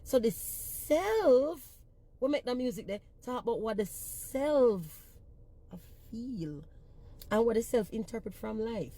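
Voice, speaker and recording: A woman's voice: on the high side, animated, slow, warm tone. A woman with a thick Jamaican Patois accent, a singer-songwriter ranting bluntly and with profanity in a casual social media talk.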